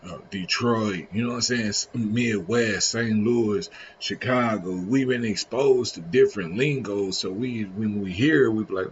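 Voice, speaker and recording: A man with a fairly low voice talks loosely on a live stream, full of slang, with restarts. His audio is a bit muffled and dull, with a faint hiss behind him. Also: normal speed. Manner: rambling, slangy, frequent restarts. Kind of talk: casual reaction commentary. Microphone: streaming setup.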